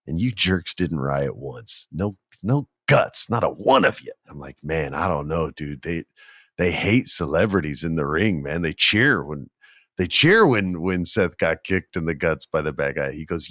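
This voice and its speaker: A man hosting a podcast, telling a story in a casual, animated, jokey way and acting out the people he quotes. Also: low-pitched, normal speed, no echo, studio quality. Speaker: podcast host. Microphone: podcast mic, on video.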